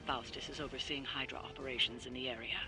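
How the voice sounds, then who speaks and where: Man voicing a gravelly, measured mission briefer, game music behind. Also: mid-range voice, steady tone, lightly acted. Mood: briefing. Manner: measured, instructive. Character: calm male mission briefer.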